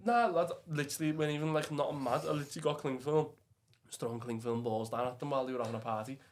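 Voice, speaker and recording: Fast-talking Liverpool man telling stories. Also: mid-range voice, steady tone. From Bootle, England. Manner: swears a lot, keeps saying "lad". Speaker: podcast guest. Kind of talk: casual storytelling.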